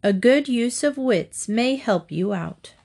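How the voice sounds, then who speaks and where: A woman narrating storybook fables in a clear, measured reading. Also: a little high, animated, darkish tone.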